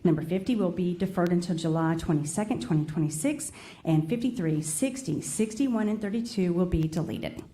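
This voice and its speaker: Low-voiced woman chairing a meeting. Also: lively intonation, brisk, mellow, slight background noise. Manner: apologetic, reads long lists of numbers. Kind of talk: reading agenda items at a public meeting.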